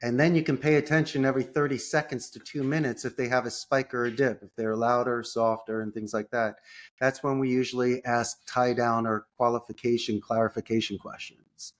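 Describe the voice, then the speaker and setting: A man's voice: medium pitch, flat delivery, brisk. A man, a call center executive and podcast guest, talking energetically and acting out phone calls in a salesman-like way. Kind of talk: casual interview talk.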